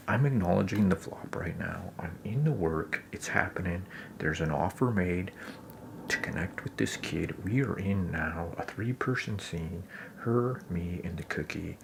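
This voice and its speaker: A man's voice: sits low, measured pace, creaky, noisy background. A man giving a wry, self-critical commentary, often dropping to a whisper. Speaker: commentator on his own scene.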